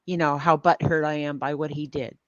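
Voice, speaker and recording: Joking woman with a low, dry voice. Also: fairly even intonation, fairly quick, dry recording, lo-fi sound. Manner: joking, playful banter. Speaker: livestream panelist. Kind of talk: casual chat.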